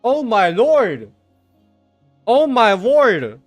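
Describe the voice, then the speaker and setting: A man streaming a game, giving casual commentary with sarcastic remarks, frequent swearing and excitable outbursts. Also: extremely high pitch, extremely slow, dry recording, faint music behind.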